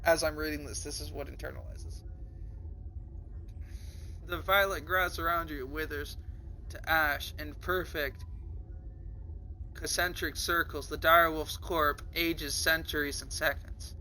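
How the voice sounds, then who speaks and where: A young man streaming live, reading a story aloud and reacting to it with lots of swearing and sudden high, panicked cries. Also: steady tone, measured pace, long pauses, bright, forceful tone, a little hiss or hum.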